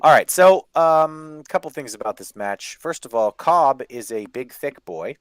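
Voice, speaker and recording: A man's voice: medium pitch, lively intonation, measured pace, a bit bright, clean tone, no echo. A man from Canada co-hosting a casual wrestling review, dry and sarcastic, swearing freely. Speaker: podcast co-host.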